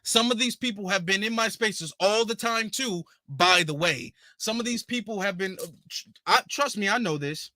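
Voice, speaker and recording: Hosting a casual livestream at a moderate pace, this man has a high, bright voice and keeps indignantly, emphatically returning to the same points. The audio is dry and close, with no echo.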